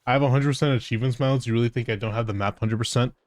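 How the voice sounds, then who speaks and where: Male game streamer, mid pitch, profane and teasing, dry close sound. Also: steady tone, racing, no room sound. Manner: profane, teasing, laughs often. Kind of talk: casual live gameplay commentary.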